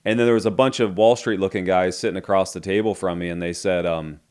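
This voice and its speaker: A man's voice: low-pitched, fairly even intonation, quick pace, darkish tone, clear, resonant tone. A middle-aged man, a podcast guest, candidly retelling a business story and acting out the dialogue. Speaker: entrepreneur guest.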